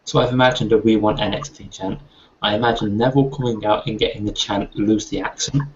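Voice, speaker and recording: A man's voice: lowish voice, steady tone, fast talker. A British man co-hosting a casual wrestling chat, opinionated and long-winded, often restarting his sentences. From United Kingdom. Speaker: podcast co-host. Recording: dull lo-fi audio with faint noise.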